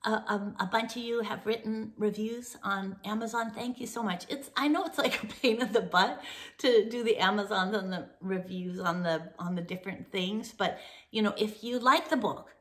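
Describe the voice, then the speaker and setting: A woman hosting a casual chat with her viewers, rambling and laughing often as she tells animated stories. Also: medium pitch, normal speed. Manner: animated storytelling. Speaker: host.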